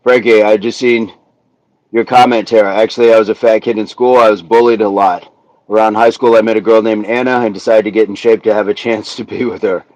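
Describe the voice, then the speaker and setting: A man's voice: fairly low pitch, steady tone, brisk, darkish tone, no echo, poor audio. An American man hosting a fitness live stream, chatting casually and reading viewer comments, laughing easily. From US South, raised in the Midwest. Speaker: fitness livestream host. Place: California.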